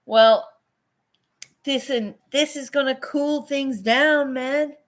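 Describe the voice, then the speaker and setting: A woman's voice: sits high, slow. A middle-aged woman hosting a casual livestream from her phone, rambling, swearing casually and laughing often. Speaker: livestream host.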